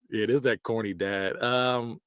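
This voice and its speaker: Male podcast host, animated and slangy, big swings in pitch, dry close sound. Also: dry recording. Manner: animated, laughs often, repeats phrases in mock voices; slangy, blunt. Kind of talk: casual tier-list commentary.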